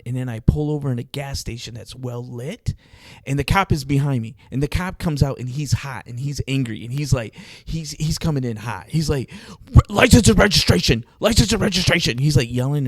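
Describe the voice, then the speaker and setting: A man casually telling an animated story on a podcast, laughing often. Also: mid-range voice, no echo. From Arizona, US. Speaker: podcast host.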